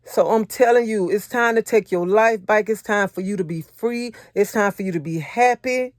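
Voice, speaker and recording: With a medium-pitched voice at normal speed, this married adult woman, a faith encourager, gives a motivational talk recorded at studio quality with no echo. She repeats herself earnestly, preaches conversationally, and shares her personal testimony in casual speech.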